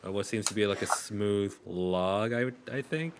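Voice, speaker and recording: A man running a tabletop game as game master, his voice on the low side. He narrates haltingly, pausing and restarting often, with faint room noise in the background. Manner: hesitant, many fillers and restarts.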